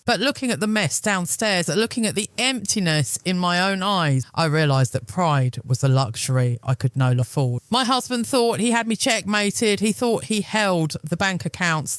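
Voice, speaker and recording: A man narrating a dramatic first-person story with an emotive, expressive reading. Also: high-pitched, clean tone, no room sound. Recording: dry close studio sound.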